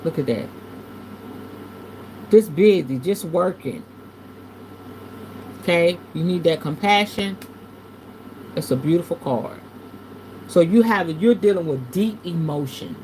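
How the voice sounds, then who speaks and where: An animated woman leads a live tarot reading like a casual sermon. Her pitch swings from low and hushed to high and loud, and she drops salty curse words. A light hiss sits under the recording. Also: slow pace, pauses often. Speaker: tarot reader hosting a livestream.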